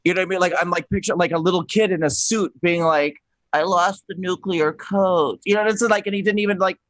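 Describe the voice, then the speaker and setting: A man hosting an interview, animated, with lots of filler "like". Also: sits high, rapid-fire, dry recording. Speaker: host. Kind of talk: casual interview chat.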